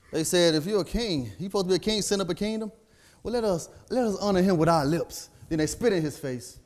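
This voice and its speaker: High-voiced preacher building to fervent peaks. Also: male voice, a bit bright. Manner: rising to near-sung emotional peaks; quotes scripture by chapter and verse. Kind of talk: sermon.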